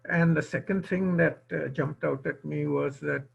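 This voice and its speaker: Quoting conversations from memory, an older man born in India tells a story about himself as a guest at an online gathering. His voice is on the high side, with a steady tone, normal speed, vocal fry and a breathy edge. The video-call audio is muffled.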